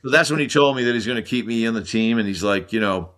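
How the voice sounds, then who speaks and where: Forceful older man spinning a story. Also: mid-range voice, fast talker. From United States. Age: 60s. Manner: animated, acts out the people in his stories. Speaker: guest, former Olympic hockey player. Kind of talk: storytelling in a podcast chat.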